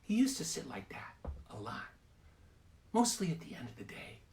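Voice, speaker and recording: A man telling a story to children, talking to the listener in a confiding hush. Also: a little high, very animated, normal speed, in a whisper. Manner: conspiratorial, drops to a hush. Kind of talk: oral storytelling.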